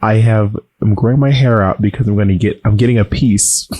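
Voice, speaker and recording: Casting note: campy man, lowish voice, subdued after surgery, sassy podcast chat. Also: a little fast, dark tone. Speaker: podcast co-host. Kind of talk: casual chat.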